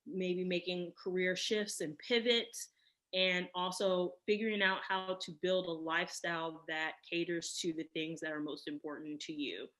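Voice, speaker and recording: A woman in her thirties, a guest on an interview podcast, answering in a reflective, unhurried way. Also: lowish voice, fairly even intonation, fairly bright tone. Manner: reflective, many fillers and restarts. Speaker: podcast guest, cosmetic chemist. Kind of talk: casual interview.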